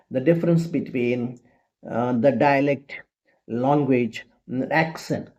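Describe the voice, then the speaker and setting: A man from India whose first language is Telugu, speaking English with an Indian accent as he explains a language topic as a teacher, in a measured, halting way with frequent ums and restarts. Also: a little high, dark tone. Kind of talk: unscripted explanatory lecture. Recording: dull lo-fi sound.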